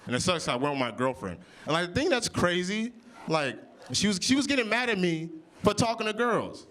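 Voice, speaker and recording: Animated young man doing improvised stand-up. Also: fast talker. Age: 30s. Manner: animated, jumps high for quoted voices. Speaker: stand-up comedian. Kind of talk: improvised stand-up on audience topics. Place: comedy club stage. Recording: live venue with audience.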